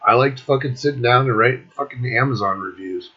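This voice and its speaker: Middle-aged man, husky voice, profane irritated vlog rant, dull lo-fi recording. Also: medium pitch, a little fast. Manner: swears constantly, irritated. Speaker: music vlogger.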